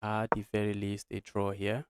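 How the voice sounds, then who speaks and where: A man's voice: fairly low pitch, completely flat delivery, moderate pace, background noise. A young man from Nigeria streaming live chess, thinking aloud through lines of play and talking to his viewers as guys.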